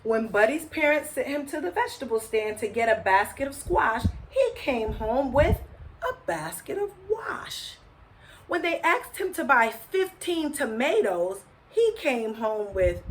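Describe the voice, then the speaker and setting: A woman reads a children's storybook aloud at an unhurried pace. Her voice is fairly high and swoops expressively. She breaks off to chat with her young listeners. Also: big pitch swings, slight background noise, low-quality recording. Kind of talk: reading a picture book aloud to children.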